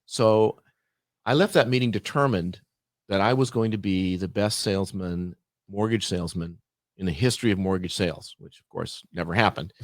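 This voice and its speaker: A middle-aged man's low voice carries a work story at a moderate pace on a podcast where he's a guest. Chatting casually, he tells it with energy and acts out each side of the conversation. The recording is dry and of studio quality.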